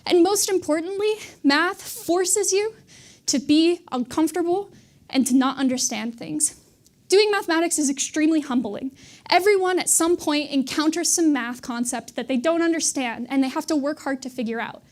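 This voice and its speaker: Earnest high-voiced young woman speaker. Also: normal speed. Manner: earnest, reflective. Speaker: graduate student presenter. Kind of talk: TED-style talk.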